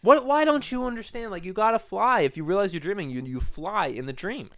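A man's voice: high-pitched, animated, brisk, no echo. A young man teasing his grandmother in casual chat, exasperated and swearing freely.

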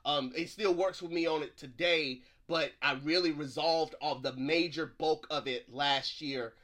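Bright, animated man hosting a faith podcast. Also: a little high, a little slow. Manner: animated storyteller, lively laughs, encouraging affirmations. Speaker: podcast host. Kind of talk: casual chat.

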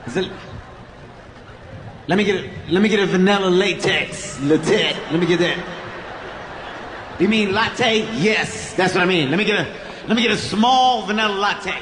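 A man doing stand-up comedy, telling an animated story and acting out both sides with shouted punchlines. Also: sits high, normal speed, pauses often, reverberant, slight background noise.

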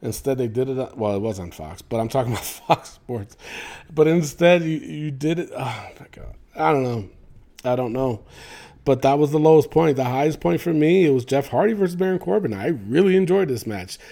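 A man hosting a solo wrestling podcast, opinionated and animated, with lots of fillers and some swearing. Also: mid-range voice, brisk, creaky. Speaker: podcast host.

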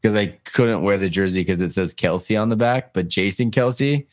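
A man joining a fan podcast as a guest, making relaxed, easygoing remarks in casual chat. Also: lowish voice, normal speed, dry recording.

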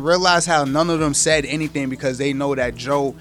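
A man's voice: mid-range voice, fairly even intonation, normal speed, a bit bright, faint music behind. A man co-hosting a casual chat show, talking loosely and rambling with lots of fillers. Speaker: co-host.

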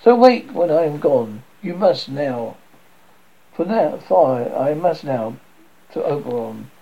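A man reading the lines of a mischievous male fairy servant in a halting way, on a dull lo-fi recording. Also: a little high, big pitch swings, vocal fry, exaggerated voice. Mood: musing.

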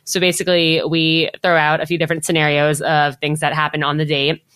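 Woman, podcast host, very low pitch, dry close sound, chatty, upbeat. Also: little pitch movement, brisk, a bit bright, no echo. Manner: chatty and upbeat, with many "like" fillers. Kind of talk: casual podcast chat.

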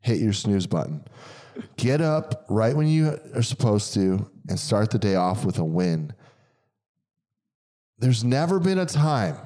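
A man co-hosting a casual podcast chat, talking emphatically and repeating words for stress as he tells stories. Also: fairly low pitch. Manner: animated storytelling. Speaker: podcast co-host.

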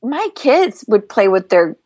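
A woman's voice: mid-range voice, sing-song, unhurried, darkish tone, no room sound. A middle-aged woman co-hosting a casual podcast, thoughtful and rambling, with fillers and restarts. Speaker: podcast co-host.

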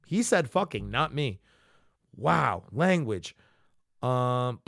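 Animated swearing male podcast host. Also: mid-range voice, slow, gravelly, long pauses, no room sound, studio quality. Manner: animated, swearing, mock-outraged. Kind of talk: profane ranting commentary.

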